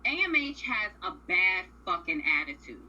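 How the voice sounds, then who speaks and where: A woman's voice: mid-range voice, big pitch swings, moderate pace, pushed and bright, muffled recording, a little hiss or hum. A woman co-hosting a radio show, casually recapping a reality series in a blunt, profane, opinionated way.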